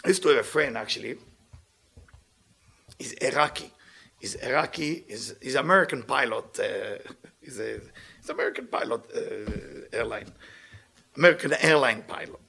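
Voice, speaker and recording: A man giving a religious lecture, telling stories in an animated way and often laughing. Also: mid-range voice, normal speed, vocal fry, pauses often, slightly rough. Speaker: Torah teacher.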